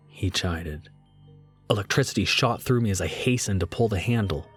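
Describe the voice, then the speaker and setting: Deep-voiced man narrating horror. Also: moderate pace, soft background music.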